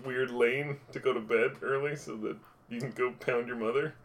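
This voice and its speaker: A man co-hosting a casual podcast, telling stories in an animated way, swearing freely and laughing often. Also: mid-range voice, moderate pace, slight background noise. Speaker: podcast co-host. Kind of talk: casual chat.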